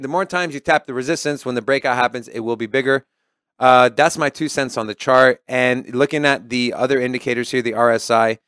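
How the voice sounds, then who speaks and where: A man's voice: medium pitch, a bit bright, clear, resonant tone, no echo, clean studio sound. A man co-hosting a podcast in casual chat, explaining price charts and joking with his co-host.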